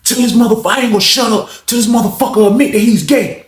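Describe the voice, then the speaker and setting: A man voicing an older male inmate who is paranoid and keeps cussing, shouting and repeating himself. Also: sits high, expressive, moderate pace, vocal fry, recorded from a distance, pitched above the performer's own voice, exaggerated voice. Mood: ranting. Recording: roomy echo.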